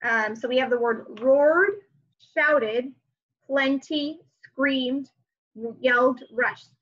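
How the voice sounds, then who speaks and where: Speaking extremely slowly, a somewhat high-voiced female teacher walks small children through homework, musing aloud with gentle hums and fillers. The audio is a bit muffled and lo-fi.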